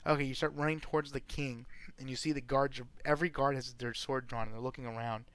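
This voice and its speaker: A man runs a tabletop role-playing game, narrating scenes with lively energy. His voice sits at an ordinary middle pitch. He talks in a casual, animated way. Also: fast talker, smooth. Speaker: game master.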